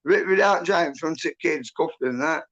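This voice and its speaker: Gravelly, sweary man. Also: a little high, moderate pace, a bit bright. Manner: sweary, rambling, agitated. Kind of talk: casual chat, storytelling. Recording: muffled lo-fi audio.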